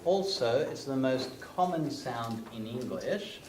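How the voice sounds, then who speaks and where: A man's voice: mid-range voice, lively intonation, slow, darkish tone, slight background noise. A man teaching an English pronunciation lesson, patiently breaking phrases into single sounds and quizzing the viewer.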